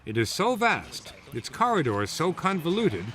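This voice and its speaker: A man narrating a television news feature in a measured, expressive scripted read with wry asides. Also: a little high, a little hiss or hum.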